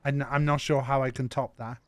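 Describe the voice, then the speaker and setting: A man's voice: mid-range voice, little pitch movement, a little fast. A Welsh man streaming a game, talking casually to himself with swearing and chuckles. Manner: swearing, chuckling, laid-back. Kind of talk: casual gaming commentary.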